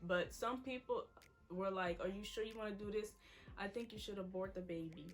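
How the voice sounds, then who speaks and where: A woman's voice: medium pitch, normal speed, soft background music. A woman, casually telling an emotional personal story to the camera. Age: 20s. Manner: casual, quoting people in her story. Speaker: vlogger.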